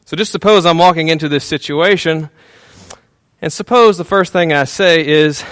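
A man's voice: fairly high pitch, normal speed, clear, resonant tone, no echo. Easygoing male preacher, dry close sound. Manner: relaxed, frequent "uh" fillers, chuckles at himself; soft, hushed tone when praying. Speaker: pastor. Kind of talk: conversational sermon.

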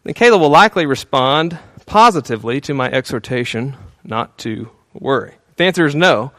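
Briskly and at medium pitch, a male pastor preaches a laid-back, talky sermon, peppered with fillers and light chuckles. He lowers to a soft hush while praying, and no echo can be heard.

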